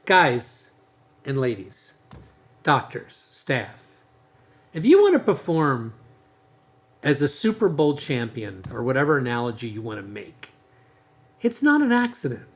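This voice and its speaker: A man's voice: mid-range voice, wildly swooping pitch, unhurried, long pauses. A man hosting a podcast as a dentist, giving a blunt, emphatic monologue with frequent restarts.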